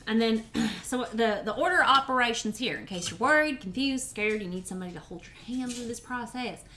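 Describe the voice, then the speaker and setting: A woman's voice: on the high side, a little fast, pushed and bright, a little hiss or hum. A woman, chatting with viewers while she cooks in her home kitchen. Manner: chatty, talks to chat while cooking. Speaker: cooking streamer. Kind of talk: casual cooking livestream chat. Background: pots, pans and dishes clattering.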